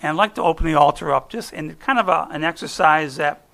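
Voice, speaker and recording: Here a middle-aged American man talks fast in a gravelly, slightly high, a bit bright voice. As a guest speaker, he shares personal stories in a chatty, folksy sermon, regularly drifting off mid-thought and restarting.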